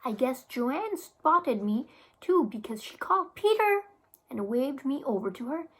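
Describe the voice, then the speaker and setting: A woman teacher reading a children's chapter book aloud to her class, with expressive storytelling. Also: high-pitched, a little slow, slightly rough, rough recording. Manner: expressive storytelling with small restarts.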